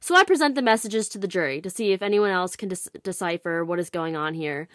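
A woman's voice: on the low side, animated, fast, a bit bright, no room sound, studio quality. Frank, sarcastic young woman telling a story. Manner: frank, sarcastic, swears freely, swings from exasperated to hurt. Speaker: podcast host. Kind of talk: casual storytelling monologue.

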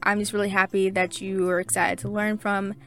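Young woman podcaster reading out reviews, super grateful and chatty, mid pitch, faint music under her. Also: little pitch movement, fairly quick, fairly bright tone. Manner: gushing, grateful, chatty with many fillers. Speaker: podcast host. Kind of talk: reading listener reviews aloud.

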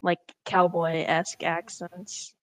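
A woman co-hosting a casual podcast over rough audio, making dry deadpan remarks. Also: on the low side, slow pace, no room sound, rough recording. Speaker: podcast co-host. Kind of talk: casual chat.

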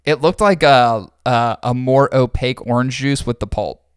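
A man's voice: medium pitch, moderate pace, clear, resonant tone, dry recording, studio quality. Rambling, hesitant man on a podcast. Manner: rambling, hesitant, self-deprecating storytelling. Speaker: podcast co-host. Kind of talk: casual chat.

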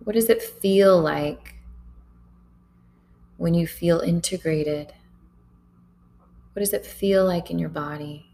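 A woman guiding a yoga and breathing session, calm and soft, counting breaths aloud. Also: lowish voice, slow pace, vocal fry, long pauses, a little hiss or hum, poor audio. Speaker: yoga instructor. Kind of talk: guided yoga and breathing instruction.

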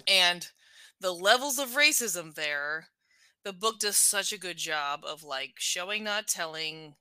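A middle-aged woman talking casually about a book, animated, laughing often and full of "like" fillers. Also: lowish voice, slow pace, clean tone, no room sound.

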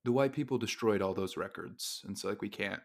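A man's voice: fairly low pitch, fairly quick. A man co-hosting a comic podcast, chatting casually with wry, joking asides. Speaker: podcast co-host. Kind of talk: casual chat.

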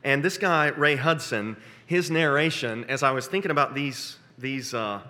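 Animated preacher man in a big echoing hall. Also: normal speed. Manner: animated, acts out quotes with sudden high excited bursts. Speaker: pastor. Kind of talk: sermon.

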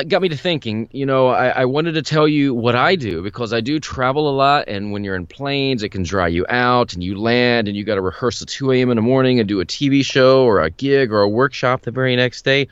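A man hosting a singing podcast as a vocal coach, talking in a casual, animated way and acting out quotes. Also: fairly quick, clean tone, no room sound, lo-fi sound. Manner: animated, acts out quotes with big pitch jumps. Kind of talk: casual chat.

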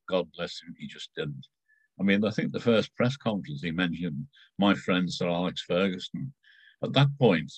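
Middle-aged scouse guy rambling thru old stories, very low voice, lots of ums n restarts, dry close sound. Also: slightly rough, no room sound, rough recording. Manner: rambling, halting with many fillers and restarts. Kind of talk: casual storytelling.

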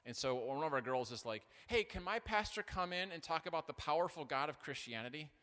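A male pastor delivering an animated sermon with self-deprecating humor, his voice bright and forceful. He stumbles through fillers and restarts as he tells stories. A long reverb trails off each phrase in the big hall. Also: on the high side, a little fast. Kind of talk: sermon with storytelling.

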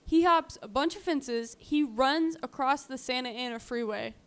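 A woman's voice: sits high, normal speed, fairly bright tone, clean tone. A woman co-hosting a podcast, casually retelling a true-crime story with lots of fillers. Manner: chatty, lots of "um" and "like", acts out quotes. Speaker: podcast co-host.

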